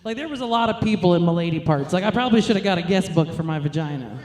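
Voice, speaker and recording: A woman's voice: on the low side, animated, very fast, echoey room, noisy background. A young woman from New York, a stand-up comedian, telling crude, self-mocking jokes.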